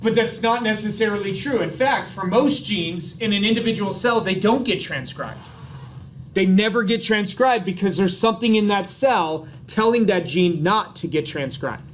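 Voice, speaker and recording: Male lecturer, high voice, chatty and joking, classroom lecture, faint hum behind. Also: lively intonation, normal speed. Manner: chatty, jokey asides, frequent "like" and "right?". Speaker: college biology lecturer.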